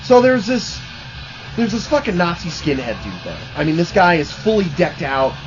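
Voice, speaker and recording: A man's voice: high voice, sing-song, moderate pace, muffled recording, over music. A man hosting his own channel, telling rambling, profane stories in a casual way with lots of fillers.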